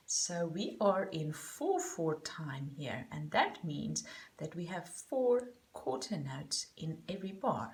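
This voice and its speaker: A woman's voice: sits low, gravelly. A woman teaching a recorder lesson to young children, patiently explaining step by step and counting beats aloud. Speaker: music teacher.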